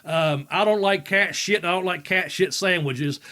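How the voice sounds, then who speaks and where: A man's voice: high-pitched, normal speed, sharp tone. A middle-aged man co-hosting a wrestling talk show, telling stories casually and laughing often as he acts out voices. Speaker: podcast co-host, former wrestler. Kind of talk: casual chat, storytelling.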